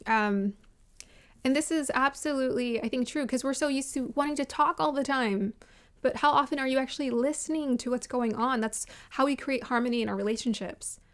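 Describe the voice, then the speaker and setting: Animated woman with a high voice. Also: brisk. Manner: animated, emphatic, laughs often, repeats points. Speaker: vlogger reviewing a reality show. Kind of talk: casual opinionated commentary.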